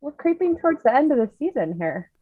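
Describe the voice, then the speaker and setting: A woman's voice: high-pitched, very animated, quick pace, phone-quality sound, soft background music. A woman co-hosting a podcast in casual chat, chatty and giggly as she quizzes her co-host.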